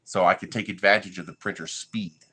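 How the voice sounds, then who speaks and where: Bright-voiced laid-back American man. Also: low voice, fairly even intonation, fairly quick, slight background noise. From United States. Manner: laid-back, chuckling, chatting with viewers. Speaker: 3D printing livestream host. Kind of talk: casual livestream chat.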